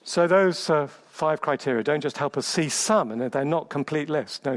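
A man preaching a sermon, emphatic, building through lists and rhetorical questions. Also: medium pitch.

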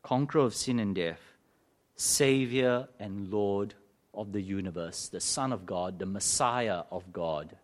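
A male preacher giving a sermon in a church, conversational, with questions to the congregation and wry asides. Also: on the low side.

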